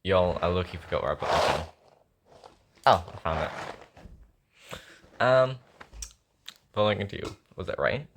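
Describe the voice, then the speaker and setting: A man's voice: low-pitched, expressive, a little slow, pauses often, very noisy. A young man at home with a sore throat, rambling and joking at himself as he works on a song. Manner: rambling, self-mocking, thinking aloud. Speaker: songwriter. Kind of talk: casual chat while writing a song.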